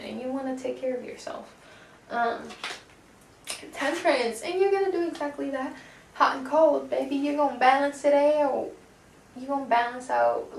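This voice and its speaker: A woman's voice: high-pitched, creaky. A woman giving a casual pick-a-card tarot reading, chatty and slangy, swearing and calling the listener baby. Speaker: tarot reader. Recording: echoey room, distant mic, faint noise.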